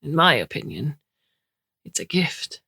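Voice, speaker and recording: A smooth, philosophical older man with a faint Romanian accent, read by a woman. He speaks slowly and in measured phrases, with a low tone. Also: very animated, bright, forceful tone, exaggerated voice. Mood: musing.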